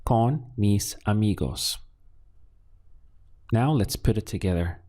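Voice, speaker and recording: A man teaching a Spanish lesson, patiently asking questions and pausing so learners can answer. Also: on the low side, animated, warm tone. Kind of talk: scripted language lesson.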